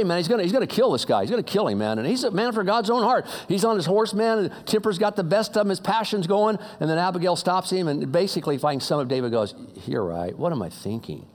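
A man preaching a sermon in a conversational way, dropping low to muse and rising to emphatic appeals, with casual slang and frequent restarts. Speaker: pastor.

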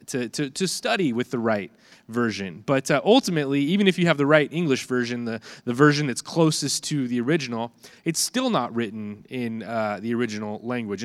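A man's voice: medium pitch, a bit bright, no echo. A man, in his thirties, preaching a chatty, conversational sermon with a stuffy nose and many fillers and restarts. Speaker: pastor.

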